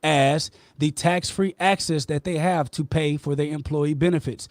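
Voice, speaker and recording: A man's voice: fairly high pitch, fairly even intonation, normal speed, dry recording. A man hosting a podcast, talking with passion and emotion as he argues his point with a caller. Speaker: podcast host. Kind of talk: heated debate with a caller.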